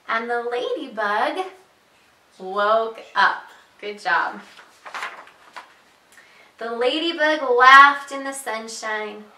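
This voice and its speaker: A woman preschool teacher reading picture books aloud to young children in a slow, sing-song storytelling voice. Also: on the high side, bright, forceful tone. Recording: echoey room, voice heard from a distance.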